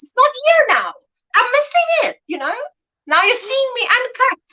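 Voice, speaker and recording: A middle-aged woman chats on her livestream in a loose, rambling way, laughing often and acting out small scenes as she greets viewers. Her voice sits high, with a bright edge, and it swoops up and down. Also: low-quality recording. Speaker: livestream host. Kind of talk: casual livestream chat.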